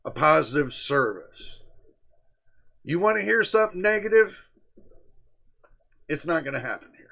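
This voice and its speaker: A man's voice: a little high, creaky, fairly bright tone. A man hosting a tech live stream, talking straight to his chat in an emphatic, repetitive way. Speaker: livestream host. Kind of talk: casual livestream chat.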